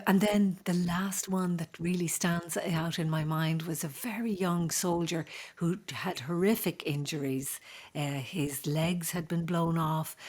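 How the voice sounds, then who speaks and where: An Irish woman, a midwife, telling her experiences in a conversational podcast, halting with many fillers and restarts in an earnest, sorrowful way. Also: fairly low pitch, a little mellow.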